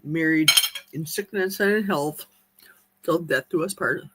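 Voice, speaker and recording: A woman's voice: low voice, unhurried, very noisy. A woman chatting casually on a live stream, eating as she talks and reading viewer comments aloud in her kitchen. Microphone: streaming mic.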